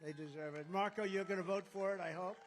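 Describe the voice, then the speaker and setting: Man, political candidate, campaign rally speech, higher-pitched male voice, rambling, boastful, repetitive. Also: steady tone, quick pace, slight background noise. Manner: rambling, boastful, repeats phrases. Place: rally at a golf resort.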